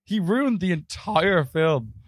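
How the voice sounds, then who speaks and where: A man's voice: high voice, big pitch swings, slow pace, no room sound, clean studio sound. A man co-hosting a film podcast, rambling in casual chat and laughing often. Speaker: podcast co-host.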